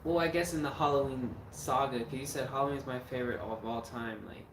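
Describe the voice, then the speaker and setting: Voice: medium pitch, fairly even intonation, fairly quick, recorded from a distance. A horror filmmaker hosting a casual livestream chat. The host rambles and swears freely. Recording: roomy echo, mic set back, faint noise.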